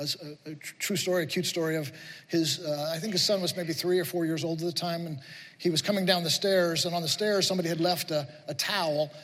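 A man's voice: a little high, fairly bright tone, long reverb tail, rough recording. A middle-aged man preaching a sermon as pastor, earnest and repetitive, building to emphatic questions. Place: church sanctuary.

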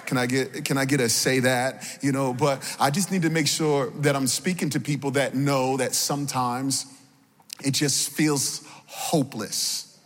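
A man's voice: mid-range voice, steady tone, unhurried, a bit bright, big-room sound. A man preaching a sermon as pastor, calling out to the congregation for responses and building in energy as he goes. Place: church sanctuary.

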